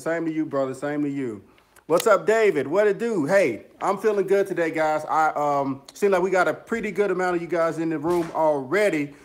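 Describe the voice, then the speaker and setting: A man casually hosting a livestream, upbeat and chatty, greeting viewers by name and rambling with fillers. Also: fairly high pitch. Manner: upbeat, chatty, lots of shout-outs and fillers. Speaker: music producer and YouTuber hosting a livestream. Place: home studio in the mountains.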